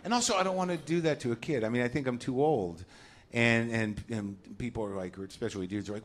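A man in his forties performs stand-up into a handheld mic on a club stage. His voice sits at a middling pitch, and he talks in a neurotic, ranting way. He keeps breaking into loud acted-out bits. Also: animated, brisk, a little hiss or hum. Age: 40s. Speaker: stand-up comedian. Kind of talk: stand-up comedy set. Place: comedy club stage with audience laughter.

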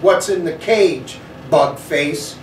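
A man's voice: a little high, takes it slowly, slight background noise. A man doing a sneering schoolboy bully. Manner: sneering, snarling. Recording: echoey room, slightly distant mic.

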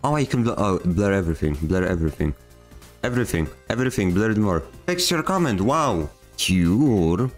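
Sarcastic low-voiced man reading comments. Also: moderate pace, faint music behind. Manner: sarcastic, deadpan jokes, slangy. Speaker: channel host reading comments. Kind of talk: comedic comment-reading vlog.

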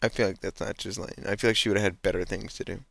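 A young man co-hosting a podcast in casual chat, teasing and reacting quickly. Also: sits low, steady tone, gravelly, a bit bright, dry recording. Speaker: podcast co-host.

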